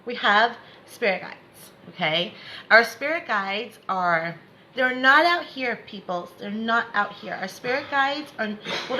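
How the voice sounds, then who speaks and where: A woman's voice: a little high, bright, forceful tone, a little hiss or hum, low-quality recording. A woman giving a live spiritual lesson, repeating herself to encourage viewers and laughing often. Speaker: spiritual teacher.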